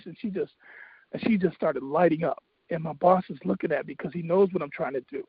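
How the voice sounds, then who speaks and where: Earnest man with a husky voice. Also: a little high, brisk, dry recording. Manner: earnest, faith-driven, with many fillers. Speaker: radio show host. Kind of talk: casual storytelling on a talk show. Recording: dull, dry lo-fi radio sound.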